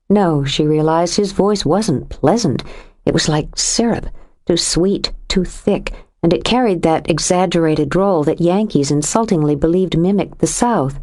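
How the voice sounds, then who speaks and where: A woman narrating a suspense audiobook in a steady, measured reading voice. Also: lowish voice. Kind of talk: scripted narration.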